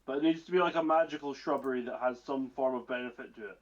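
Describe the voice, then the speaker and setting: A man's voice: medium pitch, quick pace. A man playing a tabletop game, joking around playfully as he talks. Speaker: player. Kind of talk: casual tabletop play. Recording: dull lo-fi mic.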